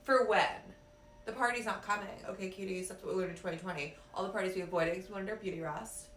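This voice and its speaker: A woman's voice: medium pitch, racing, fairly bright tone, a little hiss or hum. A woman life coach giving a live-streamed motivational talk, brash and profane, calling her listeners cuties. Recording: roomy, a little off-mic, faint ambience.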